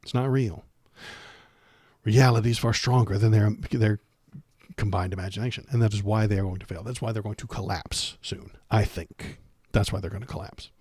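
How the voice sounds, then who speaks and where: A man's voice: lowish voice, normal speed, a little mellow, husky, no room sound. A man hosting a casual political livestream, talking sarcastically and rambling with many fillers and restarts.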